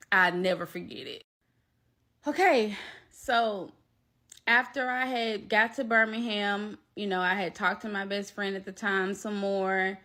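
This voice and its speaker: Woman telling a storytime, bright forceful voice, super animated, talks right to the viewers. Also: mid-range voice. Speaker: vlogger telling a personal story. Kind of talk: storytime vlog.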